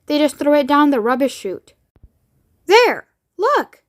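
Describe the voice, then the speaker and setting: A woman voicing a brisk, eccentric grown man who makes chocolate, urging everyone along in a bouncy storybook reading. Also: high-pitched, big pitch swings, pitched above the performer's own voice, exaggerated voice. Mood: explaining.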